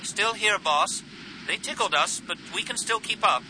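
A man's voice: high-pitched, normal speed, bright, forceful tone, a little hiss or hum, voice pushed up, low-quality recording. A man voicing a breezy, stubborn female wingman pilot in an audiobook. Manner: breezy and stubborn under fire.

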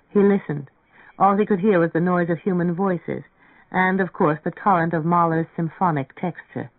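A man narrating an audiobook in a measured, even way. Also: on the high side, no echo. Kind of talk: audiobook reading. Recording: dry, phone-like narrow sound.

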